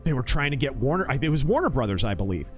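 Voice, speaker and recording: Lively male streamer, casual chat, faint music behind. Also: mid-range voice, racing. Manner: animated storyteller, acts out quotes. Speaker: game streamer.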